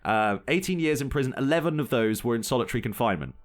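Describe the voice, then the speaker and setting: A man's voice: medium pitch, animated, fast. A young man co-hosting a casual podcast, talking through a story and often breaking into laughter. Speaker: podcast co-host.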